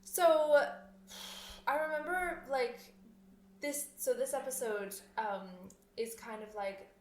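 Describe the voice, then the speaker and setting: A young adult woman, an oboist, hosts a solo podcast, talking casually with plenty of fillers and restarts and laughing often. Her voice sits high and she speaks slowly, recorded in an echoey room.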